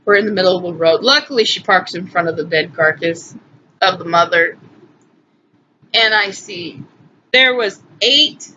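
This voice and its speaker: A woman's voice: medium pitch, sharp tone. A woman in her twenties telling a personal story in a chatty, emotional, rambling way on a phone recording. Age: 20s. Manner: chatty, emotional, lots of "anyway" and asides. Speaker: vlogger. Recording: muffled phone audio with faint hiss.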